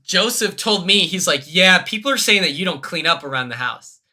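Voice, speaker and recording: High bright-voiced guy hosting a stream, talks fast and excited, lots of likes and ums. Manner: quick, excitable storyteller with lots of fillers. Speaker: streamer host. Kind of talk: casual chat on a livestream.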